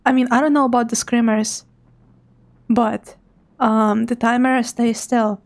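High-voiced woman streaming a horror game. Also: level tone, a little slow. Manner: jumpy, talks to chat, whispers when scared. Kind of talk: live gameplay commentary.

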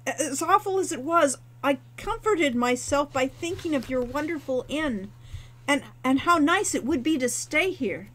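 A woman's voice: high voice, lively intonation, measured pace, a bit bright, voice pushed up. A woman voicing an earnest young male orphan training to be a hero, eager and pleading, with frequent stammers.

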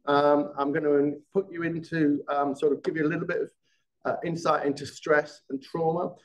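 The audio is poor as a middle-aged man from England, formerly a police detective, delivers a live classroom lecture. His voice is fairly high and flat at a normal speed, and he often restarts words and checks in with the class.

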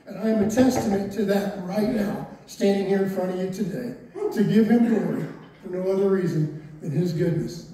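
Heard from a distance, a forties-aged man's high-pitched but dark-toned voice delivers a candid, wry personal testimony to a congregation, sprinkled with self-deprecating asides. The room echoes and there's a faint hiss.

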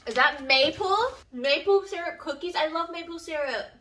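Bright, soft-spoken woman vlogger. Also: high-pitched, moderate pace. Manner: soft-spoken and chatty, with bursts of excitement. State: runny nose, emotional. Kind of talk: casual home vlog, reading fan mail aloud. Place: home studio, indoors. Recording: distant mic, faint background noise.

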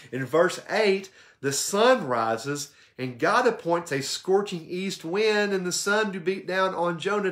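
A man teaching a church Bible study in a conversational way, often checking in with his listeners and acting out the quoted lines. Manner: conversational, checks in with "okay?" and "right?"; animated, acts out quotes with shifts in pitch.

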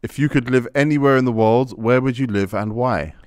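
Easygoing host reading questions. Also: male voice, mid-range voice, brisk, a little mellow, smooth. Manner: easygoing, reads out listener questions. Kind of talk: casual talk show hosting.

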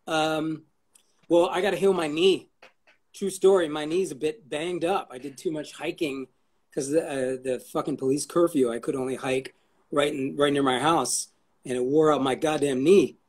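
A fairly high, husky man's voice, talking loosely and at length as an interview guest. He swears freely, wanders between thoughts and keeps slipping in wry jokes. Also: fairly even intonation, moderate pace. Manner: rambling, profane and jokey. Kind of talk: casual interview chat.

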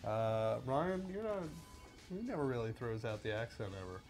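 A man co-hosting a gaming stream, joking in a deadpan way. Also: mid-range voice, moderate pace, soft background music. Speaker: co-host of a live gaming stream. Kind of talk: casual chat over gameplay.

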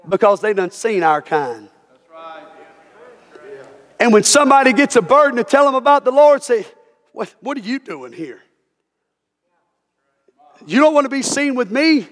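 Man, high voice, fervent preaching, church hall reverb, faint music behind. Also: expressive, moderate pace, pauses often. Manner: impassioned preaching, repeats "listen to me". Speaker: pastor. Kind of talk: sermon. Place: church sanctuary.

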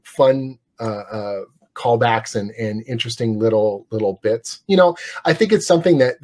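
A man's voice: medium pitch, a little mellow. A middle-aged man, a comics writer, talking in a casual interview with enthusiasm and many restarts.

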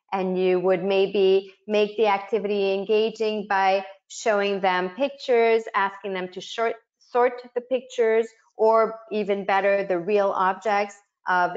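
A woman's voice: mid-range voice, steady tone, a little slow. A woman facilitating a webinar for child care educators, explaining practical activities step by step and modeling words the way she would for children. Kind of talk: instructional webinar talk. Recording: muffled lo-fi webinar audio.

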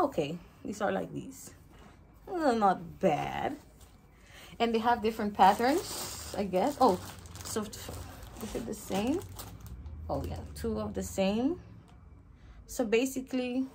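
A young woman in a relaxed home haul vlog, talking in a chatty way with lots of "um" and "like" and dropping into Spanish now and then. She's expecting a baby, and her voice sits at an average pitch with a faint hiss in the background. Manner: chatty, code-switches into Spanish, hesitant fillers. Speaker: vlogger.

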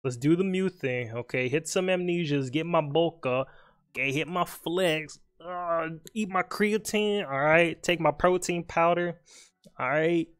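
A man's voice: a little high, a bit bright, clean tone. A young man casually commenting on his own live game, joking and talking to his opponent. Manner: joking, talks to the opponent, quick mutters. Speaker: streamer.

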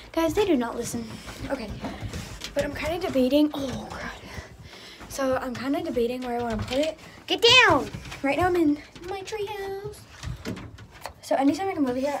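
A woman chatting casually to camera outdoors, often telling her dogs to get down. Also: high voice. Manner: chatty, scolding dogs between remarks. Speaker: vlogger. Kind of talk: casual vlog talk to camera. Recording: loud wind and background noise.

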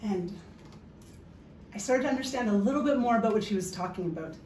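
On a stage before a live audience, a Canadian woman gives a humorous talk, spinning a playful story and joking with the crowd. Her mid-range voice is animated, fairly quick and a little mellow. The recording picks her up from far off in an echoey hall, with a slight hiss or hum.

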